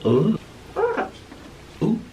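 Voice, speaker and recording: Speaking very slowly through dull audio, this mukbang vlogger eats on camera, chatting playfully with his audience and cooing at his pet bird. The mic is distant and background noise is clearly audible.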